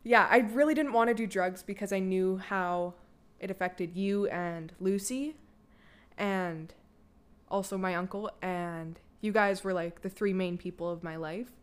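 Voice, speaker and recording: A young woman with a Canadian accent tells her own story in a casual, rambling way. She leans on filler words and swears freely. Her voice is smooth and resonant, sitting at an ordinary middle pitch for a woman. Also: unhurried. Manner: candid, loose and chatty, heavy filler "like", swears freely. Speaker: guest, daughter of the host.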